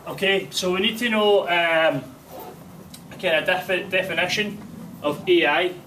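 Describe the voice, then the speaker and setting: Man, teacher, fairly high voice, relaxed quizzing tone, recorded from across a classroom. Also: moderate pace, distant mic, a little hiss or hum, poor audio. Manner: relaxed, chatty, quizzes pupils. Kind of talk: classroom revision lesson.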